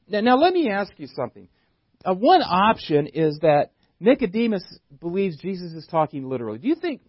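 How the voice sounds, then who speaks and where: A man's voice: sits high, no echo, muffled recording. A male pastor preaching a sermon, asking one question after another and often repeating words as he thinks.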